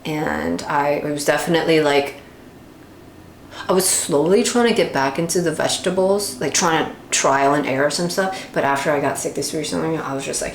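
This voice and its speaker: Her voice sits low and moves at an ordinary speed as she delivers a frank, relaxed vlog monologue, dramatizing what goes on in her head. Faint hiss and an echoey room color the sound.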